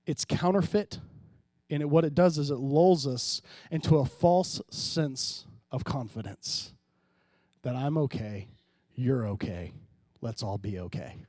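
A man's voice: medium pitch, a little slow, no echo. Dynamic preaching man, dry close sound. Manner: preaching with sudden drops to quiet and loud rises, calls to the congregation. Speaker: pastor. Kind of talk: sermon.

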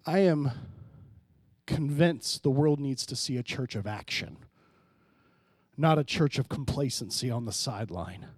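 A man pastor preaching a sermon, swinging between hushed, low passages and loud, emphatic rises, often calling out to the congregation. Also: a little slow, no room sound. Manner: preaching with sudden drops to quiet and loud rises, calls to the congregation.

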